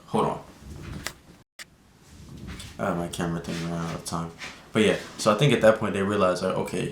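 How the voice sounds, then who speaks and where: A young man telling a casual storytime vlog, slangy and animated, with lots of fillers. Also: creaky. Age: young adult. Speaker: vlogger. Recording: echoey room with faint rumble.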